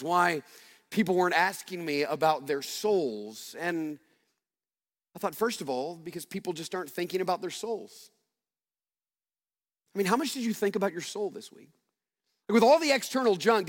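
A man's voice: high-pitched, fairly bright tone, big-room sound. A man giving a sermon as pastor, conversational and full of rhetorical questions and self-deprecating stories.

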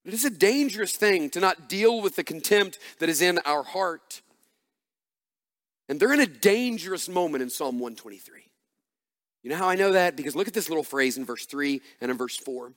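High-voiced preacher in a reverberant hall. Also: male voice, expressive, moderate pace, a bit bright. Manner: emphatic, repetitive preaching with rising, punchy refrains. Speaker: pastor. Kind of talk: sermon. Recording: long reverb of a large hall.

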